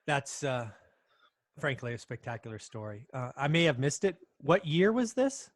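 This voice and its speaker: A man's voice: medium pitch, normal speed. A man hosting an interview, asking friendly questions and adding short encouraging remarks. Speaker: podcast host. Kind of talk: casual interview.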